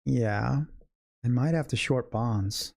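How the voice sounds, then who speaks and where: A man walks viewers through the markets as he trades live. His pitch sits in the middle, and his sentences are loose and conversational as he reasons out loud. He often turns to address people watching in the chat. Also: slow, vocal fry. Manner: thinks aloud in loose, chatty sentences; talks directly to chat viewers. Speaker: day trading educator and livestream host. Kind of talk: live trading commentary.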